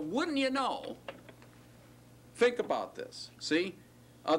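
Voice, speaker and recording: A man teaching a classroom lecture, explaining step by step, often checking with "right?" and gently teasing his students. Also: fairly high pitch, slight background noise.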